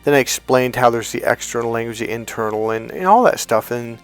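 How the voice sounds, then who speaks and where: A man with a gravelly, creaky voice talks bluntly about dating in a profane monologue, which he livens with animated stories. His pitch sits in an ordinary middle range. Faint music plays in the background. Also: fairly quick. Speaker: dating coach. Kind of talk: monologue to camera.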